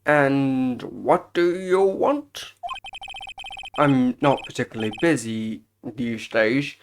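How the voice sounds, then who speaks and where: A woman's voice: rumbling low, background noise, heavily acted. A woman voicing a pompous, blustery older male lawyer who talks haughtily and stumbles when caught out. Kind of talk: voicing game dialogue. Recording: game music behind the voice.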